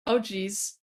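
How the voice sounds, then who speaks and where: A woman's voice: a little high, a little mellow. A woman co-streaming a story game, chatting in a playful, teasing way. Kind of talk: casual game playthrough chat. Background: game music.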